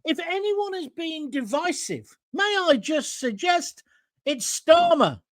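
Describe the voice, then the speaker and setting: Combative high-voiced man host. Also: big pitch swings, slow pace, dry recording. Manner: combative, emphatic, rising to near shouts. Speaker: host of a live online political show. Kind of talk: opinionated live-stream commentary reading viewer comments.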